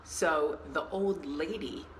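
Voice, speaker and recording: A woman hosting a casual vlog, telling a story in a chatty, animated way and acting out what people said. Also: low-pitched, slow pace, a little hiss or hum, low-quality recording. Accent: New York. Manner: chatty, animated storyteller who acts out quotes. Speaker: vlog host.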